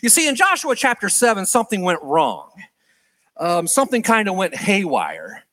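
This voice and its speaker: A man preaching a sermon in an animated way, acting out the prayers he quotes with big swings in pitch and volume. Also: moderate pace.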